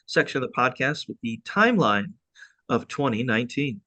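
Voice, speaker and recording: A man's voice: medium pitch, sing-song, moderate pace, bright, forceful tone. A man hosting a casual podcast chat, laughing easily and rambling through restarts. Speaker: podcast host.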